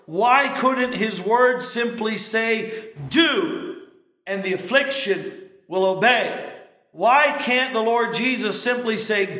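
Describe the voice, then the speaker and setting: Middle-aged male pastor, high voice, unhurried delivery, emphatic sermon in an echoey sanctuary. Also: animated, sharp tone. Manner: emphatic preaching with rising stressed words and measured pauses.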